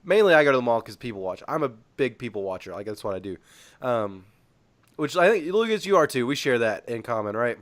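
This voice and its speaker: A man's voice: mid-range voice, big pitch swings, a little fast, no echo. Young male podcast co-host, rambling storyteller, fillers and laughter, dry sound. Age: young adult. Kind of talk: casual chat.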